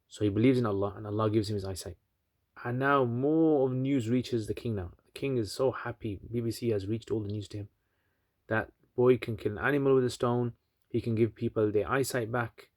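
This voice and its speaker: A man's voice: medium pitch, fairly quick, no room sound, clean studio sound. A man casually retelling a religious story, chatty with many asides and fillers.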